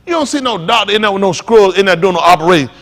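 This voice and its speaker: A man's voice: sits high, animated, racing, fairly bright tone. A male pastor preaching a sermon in a blunt, heated, mocking way, swearing freely.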